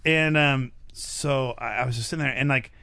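A man's voice: mid-range voice, normal speed, dry recording. Young guy comic rambling through a story, lots of likes and uhs, dry close sound. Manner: animated, many fillers like "like" and "uh". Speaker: stand-up comic telling a story. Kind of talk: casual podcast storytelling.

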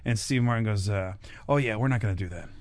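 A young male comic telling a long backstage story in a casual chat, with lots of fillers and animated bits. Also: fairly low pitch, fast talker, no echo.

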